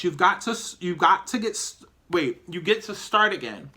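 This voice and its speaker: A man's voice: sits high, animated, normal speed, hardly any pauses, bright, forceful tone. A man giving a casual tarot reading to viewers, chatty and emphatic, talking straight to his audience and cursing freely. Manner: chatty, emphatic, profane, addresses viewers directly. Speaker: tarot reader.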